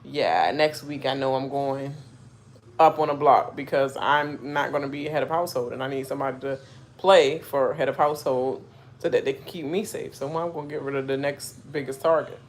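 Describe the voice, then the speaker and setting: A woman talks through a live reaction stream, rambling and full of fillers. Her voice carries a gravelly fry, and there's a faint hiss of noise under it. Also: very deep voice, moderate pace. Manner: chatty, rambling with many fillers and asides. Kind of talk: casual live reaction chat.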